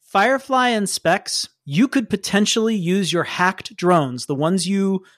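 A game master narrating a tabletop role-playing game in a lively, explanatory way. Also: medium pitch, unhurried, no room sound, studio quality. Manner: lively, explanatory, laughs often.

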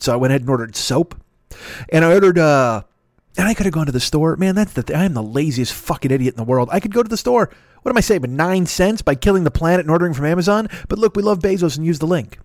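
A man in his forties rambles through a comic solo podcast, swearing freely and mocking himself. His voice sits a touch high and is recorded close on a dry mic. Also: no room sound. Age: 40s. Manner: profane, self-mocking, digressive. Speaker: podcast host. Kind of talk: rambling comedic monologue.

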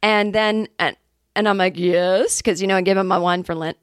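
A woman's voice: medium pitch, steady tone, normal speed, dry recording, clean studio sound. A woman hosting a comedy podcast, telling a rambling, self-deprecating story and speaking openly about her anxiety in a casual way.

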